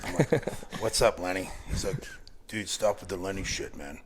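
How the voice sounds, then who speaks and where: A guest firearms instructor, an American man in his forties, tells animated, profane stories in casual conversation and laughs through the punchlines. His voice is low-pitched, he talks at a normal speed, and there's background noise.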